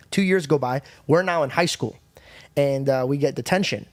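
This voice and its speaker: A man's voice: a little high, brisk, dry recording. Candid man telling a story, dry sound. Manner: candid, profane, animated retelling. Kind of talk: casual podcast storytelling. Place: podcast studio.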